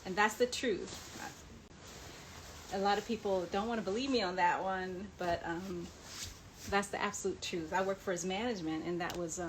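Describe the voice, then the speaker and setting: A woman's voice: on the low side, a little hiss or hum, rough recording. Chatty woman hosting a fan livestream. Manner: chatty, reads out viewer comments, laughs often. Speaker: livestream host answering fan questions. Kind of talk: casual live chat.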